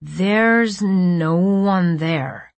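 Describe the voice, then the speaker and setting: A woman's voice: medium pitch, lively intonation, a little slow, breathy edge. A woman voicing a confused teenage boy in an audiobook, asking bewildered questions. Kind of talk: audiobook character voice.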